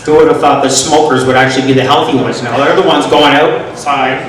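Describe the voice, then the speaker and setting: Middle-aged man doing stand-up, self-deprecating and deadpan, on a mic set back in a very echoey club. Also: medium pitch, a little fast, slight background noise. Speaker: stand-up comedian. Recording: echoey room, mic from far off.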